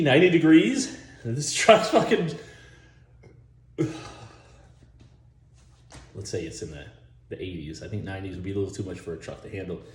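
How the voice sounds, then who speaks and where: A man rambling casually with lots of swearing about movie ideas, talking in an animated, chuckling way. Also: mid-range voice, roomy sound. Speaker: movie vlogger.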